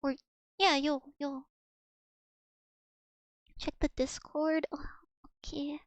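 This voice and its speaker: High-voiced young woman, chatty streamer. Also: little pitch movement, slow, dry recording, muffled recording. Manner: chatty and self-mocking, many "like" fillers. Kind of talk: casual livestream chat, practicing Russian words aloud.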